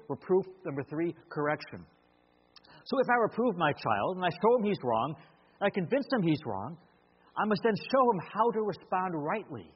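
A fairly high, slightly rough male voice delivers a sermon to a congregation, playing out the voices of parents and their children. The audio is muffled, recorded in a large hall with lots of reverberation.

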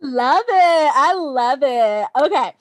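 A woman's voice: high-pitched, expressive, slow, dry recording. A woman co-hosting a podcast, chatting casually about a TV show and laughing often between words. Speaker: podcast co-host. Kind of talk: casual chat reviewing a TV show.

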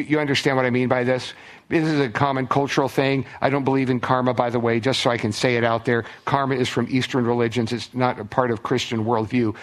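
A man preaching a sermon as pastor, conversational, with restarts and acted-out quotes. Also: medium pitch. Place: church.

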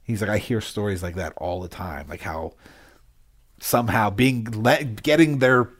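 A man with a very low, husky voice co-hosts a casual podcast. He tells his stories in a relaxed, unhurried way. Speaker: podcast co-host. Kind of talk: casual movie chat.

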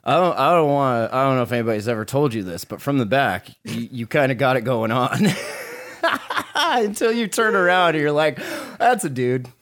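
A man's voice: medium pitch, animated, fairly quick, a bit bright. A man hosting a casual podcast, rambling and joking with frequent restarts and some swearing. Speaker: podcast host.

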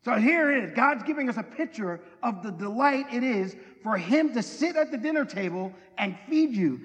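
High-voiced joking pastor in a reverberant hall. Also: male voice, expressive, moderate pace, lo-fi sound. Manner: conversational, joking, asks the congregation questions. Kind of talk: sermon. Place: church hall.

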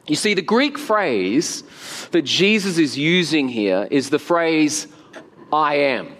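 A man from Australia with an Australian accent, preaching a sermon and telling stories with animation and frequent laughter. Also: high voice. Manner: storytelling, animated, laughs often. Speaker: pastor. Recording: long hall reverb.

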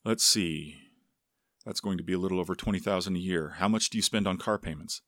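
A man voicing a gruff, sarcastic middle-aged father in a read novel. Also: deep voice, fairly quick, a bit bright, no room sound, clean studio sound.

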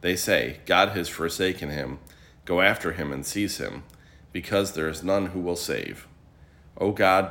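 A man reading morning prayer scripture aloud as a liturgy reader, in a measured, steady recitation. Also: low voice.

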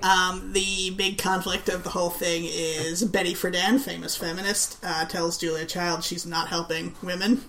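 A woman co-hosting a podcast, chatting in a relaxed way and laughing often. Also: lowish voice, normal speed, few pauses, a little hiss or hum. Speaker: podcast co-host. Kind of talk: casual chat.

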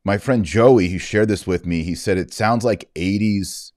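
A man's voice: lowish voice, unhurried, darkish tone, dry recording, clean studio sound. A man from Texas, hosting a casual show and commenting on video clips in a chatty, joking way. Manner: chatty, joking, with fillers and asides. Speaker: host.

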